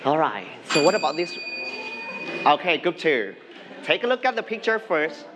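A man with a Thai accent leads a classroom English lesson, his voice sitting somewhat high for a man. He is patient and coaxing, slowing his words right down so the class can repeat after him. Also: sing-song, background noise. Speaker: English teacher.

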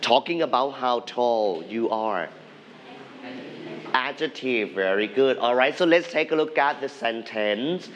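A man's voice: mid-range voice, expressive, measured pace. Male teacher, patient, drills vocabulary by repetition; classroom, slightly muffled sound. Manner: patient, repeats words for students to echo. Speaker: English teacher. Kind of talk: classroom English lesson with Thai explanations.

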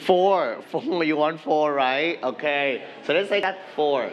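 A man teaching a class, prompting students and echoing each of their answers slowly. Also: on the high side, highs cut off. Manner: slow, drawn-out prompting, repeats students' answers. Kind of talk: classroom English lesson. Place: busy classroom. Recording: noisy classroom crowd. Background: chatter of a class.

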